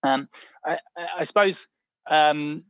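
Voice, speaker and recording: A man's voice: a little high, slow pace, fairly bright tone, no room sound, highs cut off. A man telling travel stories over slides in a webinar, chatty and anecdotal with many fillers. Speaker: webinar speaker. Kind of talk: presentation talk with slides.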